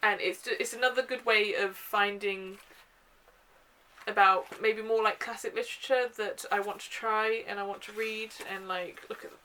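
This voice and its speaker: A young woman talking casually to her camera at home, chatty and enthusiastic, filling pauses with ums and uhs. Her pitch sits in a middle range. A faint hiss runs under the recording. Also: steady tone, pushed and bright, poor audio. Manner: chatty and gushing, with frequent fillers. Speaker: book vlogger. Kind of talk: casual book haul chat.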